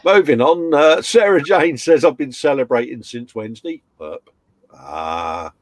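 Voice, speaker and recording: Host, man, casual live-stream chatter, mid-pitched, dry close sound. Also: lively intonation, unhurried, no room sound. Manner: chatty, reads chat messages aloud, laughs often. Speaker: host reading out live chat.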